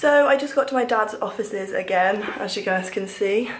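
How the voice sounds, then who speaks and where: A woman's voice: medium pitch, normal speed, a little hiss or hum. A young woman in her twenties, chatting casually to a handheld camera in a bubbly vlog style. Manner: chatty and bubbly, with sighs of frustration. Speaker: vlogger.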